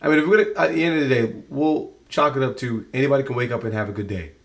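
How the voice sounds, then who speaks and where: A man's voice: mid-range voice, very fast. A man giving a casual spoken review of a show, exasperated and rambling, often restarting his sentences.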